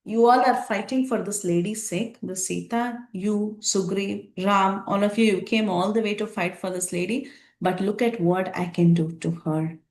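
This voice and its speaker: A woman's voice: mid-range voice, fairly even intonation, normal speed, darkish tone, roomy sound, lightly acted. A woman voicing a cruel male demon prince who mocks and taunts. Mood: taunting. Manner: mocking, taunting.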